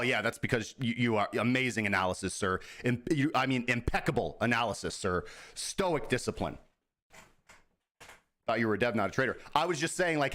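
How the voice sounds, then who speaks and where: A man's voice: medium pitch, a bit bright. Profane, rambling man hosting crypto talk. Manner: profane, rambling, self-mocking. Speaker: crypto trading show host. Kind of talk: casual market commentary.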